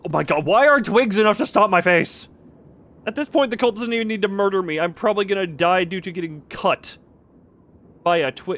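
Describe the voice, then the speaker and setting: A man's voice: high-pitched, brisk, a bit bright. A man streaming a horror game, talking casually to himself and his chat with sarcastic asides. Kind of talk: casual live game commentary.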